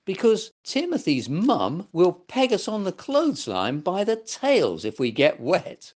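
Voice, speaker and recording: Nervous storybook toy zebra, high, fretting voice, done by a male reader. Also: wildly swooping pitch, measured pace, darkish tone, exaggerated voice. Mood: fretful. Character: fretful toy zebra, worried.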